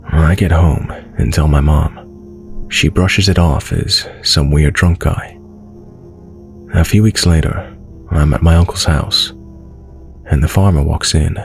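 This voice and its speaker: A man reads a first-person horror tale in a steady, measured way. His voice sits very low and carries a gravelly rasp. Soft music plays faintly behind him. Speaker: horror story narrator. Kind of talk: scripted first-person narration.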